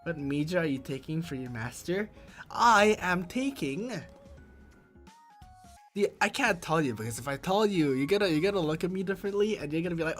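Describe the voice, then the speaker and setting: A young man in his twenties chatting casually on a stream and reading chat aloud. He is excitable and swings from low mutters into loud shrieks. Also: moderate pace, soft background music. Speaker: VTuber streamer.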